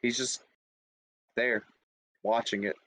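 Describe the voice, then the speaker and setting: A man's voice: medium pitch, steady tone, slow pace, bright, forceful tone, no room sound, poor audio. A man describing his character's actions as a player in a tabletop game.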